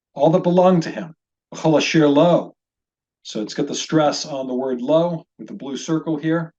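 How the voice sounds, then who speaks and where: A man's voice: a little high, darkish tone, lo-fi sound. A man teaching a recorded language lesson, explaining step by step in a patient, methodical way and asking listeners to repeat after him. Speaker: Hebrew teacher.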